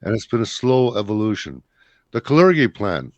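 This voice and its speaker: A man's voice: lowish voice, big pitch swings, normal speed, no room sound, highs cut off. A man from Canada hosting a casual talk show, blunt and rambling in his opinions. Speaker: podcast host. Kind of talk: casual chat.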